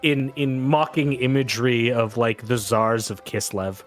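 A man's voice: mid-range voice, little pitch movement, a little slow, soft background music. A man running a tabletop roleplaying game who narrates scenes in a loose, rambling way. He piles on fillers and rephrasings as he describes what the players see. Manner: casual, rambling, with many fillers. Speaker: game master.

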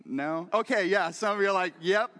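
A man's voice: high voice, normal speed, fairly bright tone, long reverb tail. A man preaching a conversational sermon who keeps putting questions directly to his listeners. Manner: talks directly to the audience with questions.

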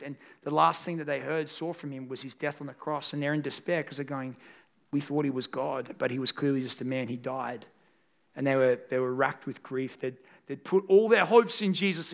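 A man preaching a sermon as pastor, speaking earnestly and directly to his congregation in a church service. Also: fairly high pitch. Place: church service in a large room.

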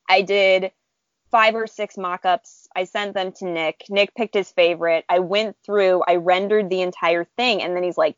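A woman's voice: fairly low pitch, normal speed, no room sound. Woman telling a story, chatty, laughs a lot, dry muffled audio. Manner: animated, chatty, frequent laughs and fillers. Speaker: fan artist guest. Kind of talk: casual storytelling interview.

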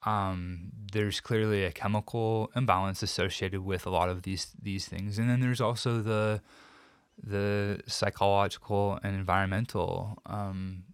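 Guy with a really low voice, slow and thoughtful, lots of restarts, dry close mic. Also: flat delivery, smooth, no room sound. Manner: reflective, halting with many restarts. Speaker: interview guest. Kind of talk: personal storytelling in an interview.

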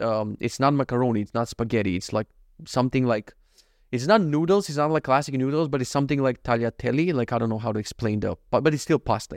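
A man's voice: mid-range voice, no echo, clean studio sound. A man in his thirties talking in a casual diary vlog, rambling, profane and self-mocking. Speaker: vlogger.

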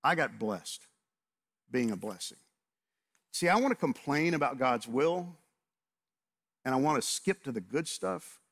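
Male pastor, mid-pitched, storytelling sermon, voices both people in the story. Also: measured pace, pauses often. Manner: animated storyteller, acts out both sides of conversations.

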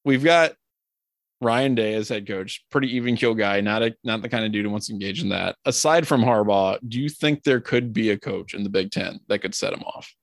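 A man's voice: on the low side, a little fast, vocal fry, dry recording, studio quality. A man hosting a casual sports podcast, chatty and joking, rambling with many fillers. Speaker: podcast host.

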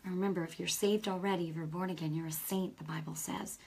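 A woman's voice: lowish voice, fairly even intonation, fast, gravelly, darkish tone, breathy edge. A woman preaching a casual, conversational sermon, emotional and full of asides and restarts.

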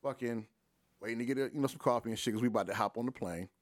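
A man's voice: rapid-fire, no room sound, studio quality. A man from Detroit telling casual stories on a podcast, acting out quotes with big jumps in his voice and plenty of swearing. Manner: animated, profane, acts out quotes with big pitch jumps. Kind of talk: casual storytelling.

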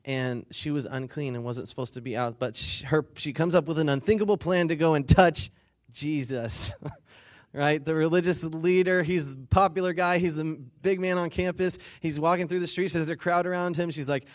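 A man speaking at a weekend retreat has a slightly high voice, fairly even intonation, and a moderate pace. His sermon is conversational: after reading scripture he retells it in casual language, plays the characters, laughs with the crowd, and gets them to respond by repeating lines.

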